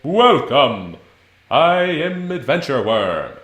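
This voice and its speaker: A man's voice: on the high side, big pitch swings, takes it slowly, fairly bright tone, reverberant, full character voice. A man voicing a proud male worm adventurer who speaks pompously about himself. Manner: pompous, self-important.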